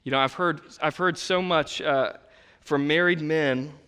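A man in his thirties preaching a sermon in a conversational, animated way, acting out the voices of the people he quotes. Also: fairly high pitch, measured pace, clean tone. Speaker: pastor. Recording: long reverb of a large hall.

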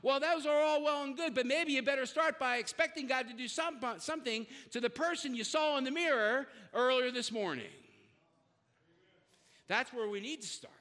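A man's voice: extremely high pitch, normal speed, sharp tone, in a large hall. A male pastor preaching a sermon in a conversational way, with self-deprecating asides.

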